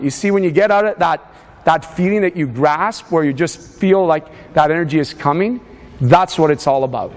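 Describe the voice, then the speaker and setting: A man leading a motivational fitness seminar, urging a live audience on with lots of energy. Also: high voice. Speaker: fitness coach. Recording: reverberant hall.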